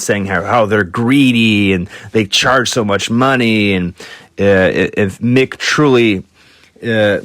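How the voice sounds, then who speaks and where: A man's voice: fairly bright tone, dry recording, studio quality. A man hosting a podcast, telling rock stories in a loose, casual way, swearing freely and acting out quotes in a raised voice. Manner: loose, profane, acts out quotes in higher voices. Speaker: podcast host. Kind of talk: casual storytelling.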